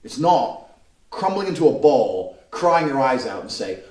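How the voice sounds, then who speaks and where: A brash, emphatic man holds forth as a podcast guest, his voice sitting a little high for a man. He swears freely and hammers his points home. The recording has a roomy echo around it. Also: big pitch swings, normal speed. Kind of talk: blunt podcast talk.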